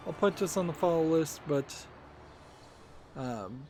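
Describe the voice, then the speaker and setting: A man's voice: on the high side, lively intonation, unhurried, dark tone. Man musing through a gaming session. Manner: rambling, thinking aloud with many fillers. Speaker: let's-play host. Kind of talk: casual gaming commentary. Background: game music.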